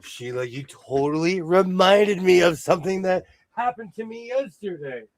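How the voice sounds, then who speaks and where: A man hosting a casual sewing show chat, telling jokey stories in an animated way. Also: high voice, normal speed, dry recording. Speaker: host.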